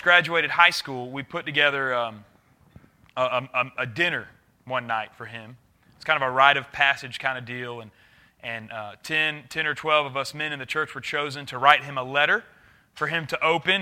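Preaching with earnest conviction, this youth pastor, whose voice sits a little high, shifts back and forth between loud urging and hushed intensity.

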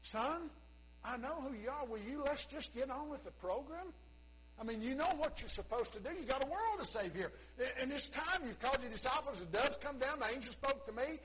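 A man's voice: extremely high pitch, animated, a little hiss or hum, voice pushed up, rough recording. A man voicing an impatient middle-aged mother who nags her grown son to get started. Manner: pleading, nagging, hurried.

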